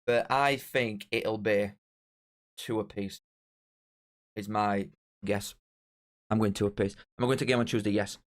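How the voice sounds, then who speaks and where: A young man chatting casually on a live stream as host, excitable and bantering straight to his viewers. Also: lowish voice, moderate pace. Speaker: streamer hosting a live watch-along.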